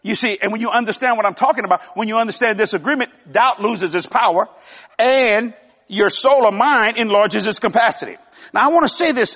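A man's voice: high voice, animated, fairly quick, pushed and bright. An older man preaching a sermon, folksy and emphatic, joking with his congregation. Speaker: televangelist preacher. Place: large church hall. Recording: long hall reverb.

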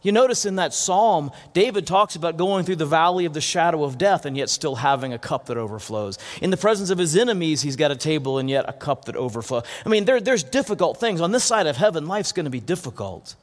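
A man's voice: on the high side, animated, fast, hardly any pauses. A man preaching a sermon as pastor, earnest, often restarting and repeating words. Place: church hall. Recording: long hall reverb.

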